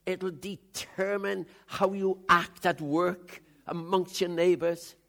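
An older man preaching a conversational sermon, telling stories with frequent throat-clearing and chuckles. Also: high-pitched, level tone, slow, fairly bright tone.

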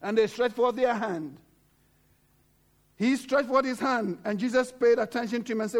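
A male pastor delivers a sermon with a strikingly high voice for a man. He exhorts the congregation fervently, circling back to repeated phrases. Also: moderate pace, pauses often.

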